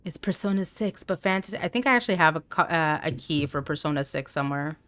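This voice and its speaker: A woman's voice: low-pitched, animated, quick pace, a bit bright. A woman streaming a video game live, chatting casually with her viewers and reading their messages aloud. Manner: chatty, reads chat aloud, playful asides. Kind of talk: casual live gameplay chat.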